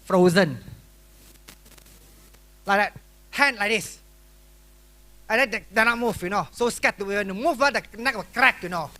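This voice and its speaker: Middle-aged Malaysian-accented male teacher, lively and teasing, bright forceful voice. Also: high voice, a little slow, long pauses. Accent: Malaysian English. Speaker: workshop teacher. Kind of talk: classroom lecture. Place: workshop room.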